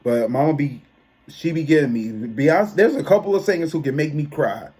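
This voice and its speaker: A man, giving a chatty, expressive album review that often trails off and restarts. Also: fairly high pitch, normal speed, breathy edge. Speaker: tarot reader and music reviewer. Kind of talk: casual album review monologue.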